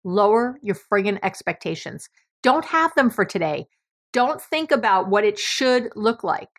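A woman's voice: mid-range voice, very animated, unhurried, fairly bright tone. A middle-aged woman from New York with a New York accent, hosting a podcast in a blunt, emphatic monologue and swearing freely. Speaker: podcast host.

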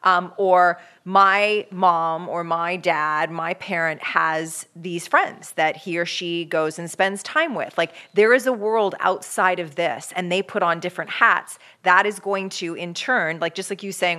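Woman, co-host, low pitch, bright tense tone, thoughtful explainer. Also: a little slow, hardly any pauses. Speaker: podcast co-host, parenting expert. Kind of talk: casual chat.

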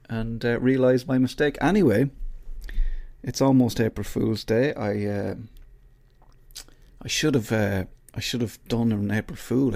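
A man's voice: lowish voice, gravelly, a little mellow, no echo. An Irish man hosting a podcast, chatting casually and rambling, mocking himself as he goes. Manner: rambling and self-mocking, with many restarts. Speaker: podcast host. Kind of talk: casual solo chat.

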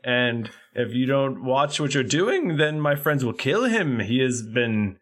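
A man's voice: mid-range voice, very animated, measured pace. A man voicing a boastful male alien goo creature in a tabletop game, with a wobbly put-on British accent that keeps slipping. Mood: threatening. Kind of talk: tabletop role-play character voice.

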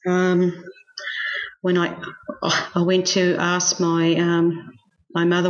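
A woman's voice: fairly low pitch, monotone, slow, pauses often. A middle-aged woman telling her life story in an interview, frank and self-mocking, laughing often. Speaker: guest. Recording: slightly dull lo-fi sound.

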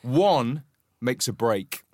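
A man co-hosting a podcast, telling a funny story in a casual, swearing, animated way and acting out the voices. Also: mid-range voice, very slow, no echo, clean studio sound. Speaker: podcast co-host.

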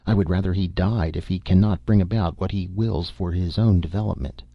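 A man's voice: sits low, steady tone, fairly quick, gravelly, no room sound, lo-fi sound. A man reading the part of a gloomy, brooding middle-aged father who speaks impatiently and bitterly.

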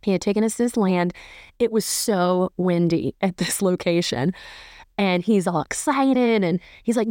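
A woman's voice: mid-range voice, normal speed, darkish tone, dry recording, clean studio sound. A woman hosting a podcast, telling a personal story in a rambling, self-correcting way with fond emotion. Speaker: podcast host.

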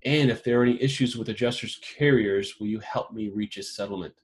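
A man's voice: on the low side, fairly quick. Amused man reading questions aloud. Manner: reads questions aloud with amused, laughing commentary. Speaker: podcast host. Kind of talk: casual roundtable discussion.

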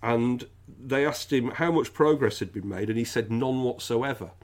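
A man's voice: medium pitch, moderate pace. A man hosting a podcast, chatting casually about politics in a jokey, rambling way. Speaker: podcast host.

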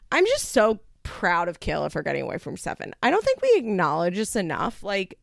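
Chatty young woman host, gravelly fry, dry close recording, laughs often. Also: on the low side, moderate pace, no room sound. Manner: chatty, laughing, animated quoting of others. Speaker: podcast host recapping a reality show. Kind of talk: casual chat.

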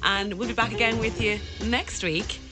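A woman's voice: on the high side, steady tone, normal speed, over loud music. A woman co-hosting a casual chat podcast, asking curious questions and wrapping up the episode. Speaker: podcast co-host.

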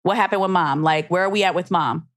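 A woman's voice: fairly low pitch, fast, a bit bright. A woman hosting a podcast, talking passionately and emphatically in a heartfelt casual conversation. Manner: passionate, emphatic, tearful at times. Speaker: podcast host.

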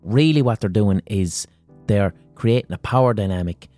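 Low, mellow Irish man telling stories. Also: lively intonation, normal speed, no room sound, faint music behind. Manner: rambling, profane storytelling. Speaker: podcast host. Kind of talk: comic monologue.

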